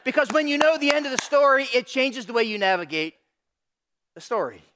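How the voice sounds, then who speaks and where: High-voiced man preaching a sermon. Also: fairly quick, background noise. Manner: animated storytelling, addresses audience directly. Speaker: pastor.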